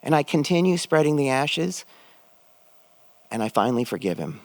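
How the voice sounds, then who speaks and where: A middle-aged man telling a personal story on stage, expressive and shooting his voice up when excited. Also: a little high, normal speed, slight background noise. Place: stage at a live event.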